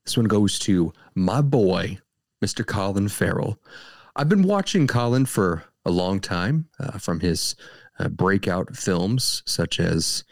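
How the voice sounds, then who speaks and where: Enthusiastic low-voiced man reviewing films. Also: expressive, slow, no echo, clean studio sound. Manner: enthusiastic, with restarts and swooping emphasis. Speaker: co-host of a movie review show. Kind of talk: casual film review chat.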